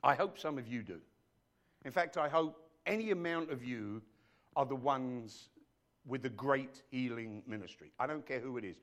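A man preaching a sermon in church as the pastor, emphatic, dropping to a hush and rising to loud, speaking straight to his congregation. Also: medium pitch, moderate pace. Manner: emphatic, swinging between hushed and loud; addresses the congregation directly.

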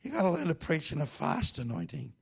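A man's voice: a little high, very animated, fairly quick, creaky, slightly rough, voice pushed up, heavily acted. A man imitating an old Australian former cowboy who became a pastor, speaking in a folksy, scolding drawl with an Australian accent. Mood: urging.

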